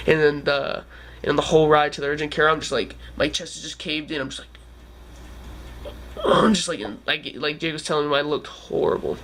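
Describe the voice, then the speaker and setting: A man's voice: on the high side, fairly quick, a bit bright. A man in his twenties telling a story to camera in a rambling, casual way, with lots of "like" and swearing. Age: 20s. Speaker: vlogger.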